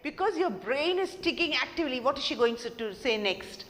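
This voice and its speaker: Lively woman lecturing in a hall. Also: high-pitched, normal speed. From India. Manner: lively, asks the class questions and demonstrates tone changes. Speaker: communication skills trainer. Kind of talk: online lecture to college students.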